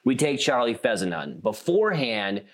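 A man from South Dakota co-hosts a podcast, chatting casually, rambling, and laughing often. His mid-range voice is sing-song and moves at normal speed.

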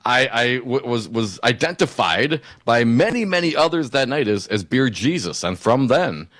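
A man's voice: mid-range voice, very animated, moderate pace, a bit bright. A man co-hosting a radio talk show, telling rambling stories full of fillers and restarts. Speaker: radio co-host. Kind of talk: casual on-air banter.

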